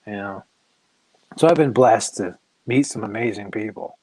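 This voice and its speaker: Guesting on a casual interview, this Massachusetts comic artist spins long, animated stories, voicing each character's quoted lines. He speaks at normal speed in a voice on the low side, with no room sound.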